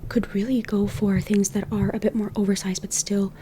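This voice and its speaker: Woman whispering gently to camera, mellow dark voice, faint hiss behind. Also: mid-range voice, flat delivery, normal speed. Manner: whispers much of the time; gentle, reflective, heart-to-heart. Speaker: style consultant and YouTuber. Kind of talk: soft-spoken talk to camera.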